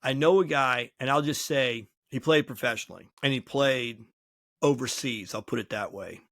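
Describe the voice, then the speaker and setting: A man's voice: mid-range voice, moderate pace, fairly bright tone, no room sound, clean studio sound. Man telling a story, acting out dialogue. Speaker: podcast co-host. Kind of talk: casual podcast chat.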